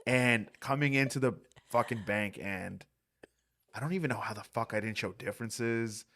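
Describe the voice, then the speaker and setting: A man's voice: mid-range voice, normal speed, fairly bright tone. Young man swearing through rambling stories. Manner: swears a lot, rambling anecdotes. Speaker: podcast host. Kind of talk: casual chat, storytelling.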